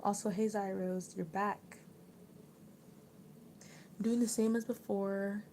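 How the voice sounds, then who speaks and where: Chatty young woman livestreaming, mellow tone. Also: medium pitch, slight background noise, rough recording. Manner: rambling and chatty, with many likes and restarts. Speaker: livestream host. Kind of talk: casual chat reading viewer comments.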